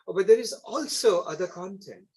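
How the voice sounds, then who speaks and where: Husky Indian-accented male lecturer. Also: high voice, animated, a little fast, darkish tone, poor audio. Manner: explanatory, frequent tag questions like "isn't it?" and "right?". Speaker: instructor. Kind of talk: classroom lecture.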